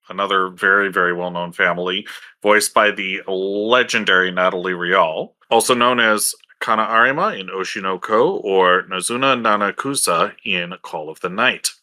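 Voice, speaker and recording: Low bright-voiced podcast man. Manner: relaxed, hesitant with fillers. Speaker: podcast co-host. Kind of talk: casual chat about anime.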